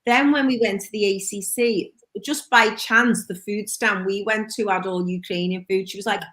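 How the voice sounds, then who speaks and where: A woman's voice: mid-range voice, steady tone, normal speed, fairly bright tone. A woman co-hosting a radio chat, enthusiastic and chatty. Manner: enthusiastic, chatty, many short agreements. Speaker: co-host. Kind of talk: casual chat.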